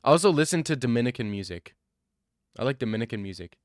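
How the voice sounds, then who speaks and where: A man's voice: mid-range voice, animated, fast talker, dry recording, clean studio sound. A young adult man streaming live, chatting casually and answering his viewers' questions in a laid-back, rambling way. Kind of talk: casual chat reading live chat.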